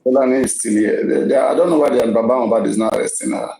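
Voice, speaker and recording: A man's voice: mid-range voice, fast, creaky, dark tone, roomy sound, a little hiss or hum, rough recording. A man with a Nigerian accent hosting a casual live-stream gossip talk, emphatic and often repeating his words.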